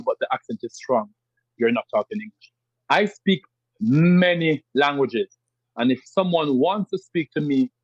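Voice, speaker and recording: A man from Jamaica talks with a strong Jamaican accent in a podcast interview, explaining emphatically and circling back over his points. His voice sits a little high and comes across husky. The sound is dry and somewhat muffled. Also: no echo. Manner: emphatic, animated explaining with repetitions. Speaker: guest.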